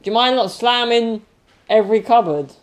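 A man's voice: very high voice, moderate pace, very noisy. A young man from England chatting casually and jokingly to a handheld camera at home. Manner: joking, playful, makes sound effects. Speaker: vlogger. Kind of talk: casual vlog chat. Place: home, indoors.

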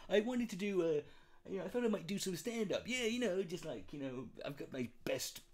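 A man putting on a mocking impression of a timid male podcaster, halting and hesitant. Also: high voice, animated, a little mellow, voice pushed up. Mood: sheepish.

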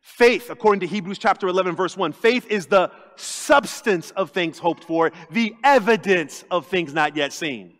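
A man, the lead pastor, preaching a sermon with animated delivery, acting out quoted voices and joking with the congregation. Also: high-pitched, moderate pace, hardly any pauses, long reverb tail. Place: church sanctuary.

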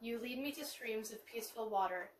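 A woman reading a psalm in measured phrases, calling for the group's response. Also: fairly high pitch, over a noisy crowd. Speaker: psalm reader. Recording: distant mic with faint noise.

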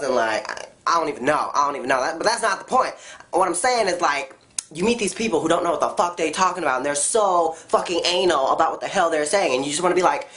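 A woman vlogger delivering a blunt, profane comedic rant straight to camera, her voice jumping around as she goes. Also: fast. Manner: blunt, swears constantly, animated jumps in pitch.

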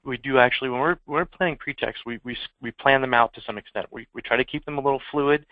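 A man explains security threats in a loose, storytelling way, his words tumbling out quickly. The sound is narrow and tinny, like a phone line, and completely dry with no room around it. His pitch sits in an ordinary middle range. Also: dry recording. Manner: informal anecdotal storytelling. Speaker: security trainer. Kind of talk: conversational training presentation.

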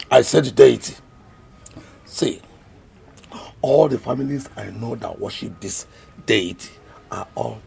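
A gravelly scheming Nigerian uncle. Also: male voice, fairly high pitch, darkish tone, heavily acted. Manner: gravelly, slow and indignant. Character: scheming older uncle, defiant and smooth-talking.

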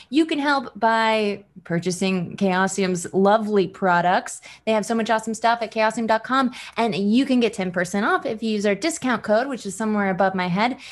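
A woman who produces the show, chatting playfully and reading a sponsor plug. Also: on the high side. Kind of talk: casual chat.

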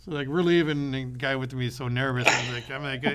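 A man co-hosting a casual podcast chat, telling a story with animated energy. He swears freely and slips into the voices of the people he quotes. His voice sits at an ordinary middle pitch. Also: quick pace. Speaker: podcast co-host.

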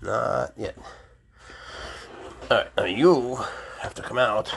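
A man's voice: mid-range voice, slow, creaky, a little hiss or hum. A man who keeps exotic pets, chatting casually to his animals and coaxing them, with muttered swearing asides. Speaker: exotic pet keeper.

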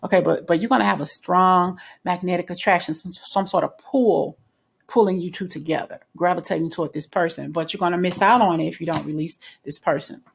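A woman's voice: on the low side, a little fast, vocal fry, breathy edge. A woman giving a casual spoken tarot reading in a chatty, reassuring way, with frequent fillers and restarts. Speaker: tarot reader.

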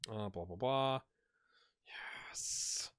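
A man's voice: fairly low pitch, very slow, smooth, no echo, clean studio sound. Chatty man thinking aloud over a game. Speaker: gaming channel host. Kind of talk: casual let's-play commentary.

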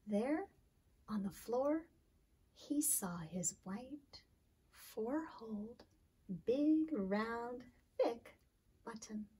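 A woman reading a children's storybook aloud in a slow, expressive way. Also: a little high, slightly rough.

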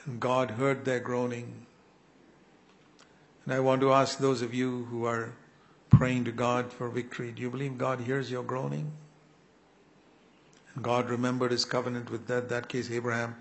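An older man preaching a sermon in an earnest, pleading way, often clearing his throat. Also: medium pitch, little pitch movement, normal speed, pauses often. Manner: earnest, pleading, with quoted prayers.

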